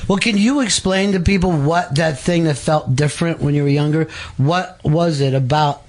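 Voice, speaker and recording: Curious radio host, fairly high voice. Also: male voice, normal speed, darkish tone. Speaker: radio talk show host. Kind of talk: interview questions on a radio talk show.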